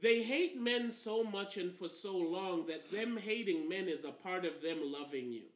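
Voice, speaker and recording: A man's voice: high-pitched, unhurried, echoey room. A man co-hosting a podcast in casual banter, telling stories with lots of laughter and acted-out quotes. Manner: animated storytelling, laughs often, acts out quotes. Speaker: podcast co-host.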